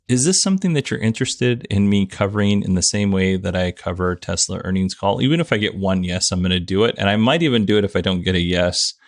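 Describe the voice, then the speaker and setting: Male podcast host, low and gravelly, prone to giggles, casual solo talk. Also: no room sound, studio quality. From United States. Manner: giggly, breaking into laughter.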